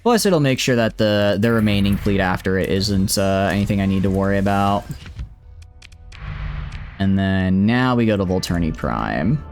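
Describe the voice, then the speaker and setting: A man's voice: on the low side, expressive, moderate pace, faint music behind. A young man streaming a space strategy game, rambling chattily to his chat and his ships. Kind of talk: live gameplay commentary.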